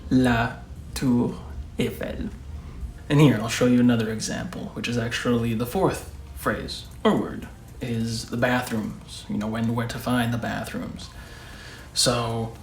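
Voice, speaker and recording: Male host for a casual lesson, unhurried and patient, in a reverberant room with soft music behind. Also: mid-range voice. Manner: patient, repeats each phrase slowly. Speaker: language teacher, channel host. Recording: echoey room with faint music.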